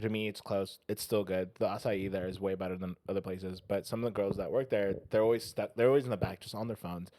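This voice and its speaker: A man's voice: lowish voice, a little mellow, dry recording. A man co-hosting a casual podcast, telling a long anecdote and acting out the people in it, with frequent swearing. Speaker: podcast co-host. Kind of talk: casual chat, storytelling.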